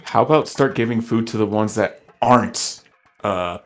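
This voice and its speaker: A man's voice: on the low side, normal speed, fairly bright tone. A man playing a tabletop role-playing game, asking questions with small stammers. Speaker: player. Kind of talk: casual game chat.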